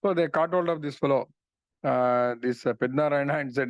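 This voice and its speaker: A man's voice: medium pitch, normal speed, no echo. A middle-aged man, earnestly retelling devotional stories in a talk and often saying "you know". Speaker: speaker on religious philosophy.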